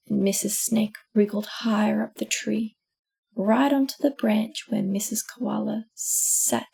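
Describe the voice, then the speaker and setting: A woman with an Australian accent reading a children's storybook aloud, slow and gentle. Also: mid-range voice, steady tone, vocal fry, husky. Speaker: audiobook reader. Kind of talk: storybook narration.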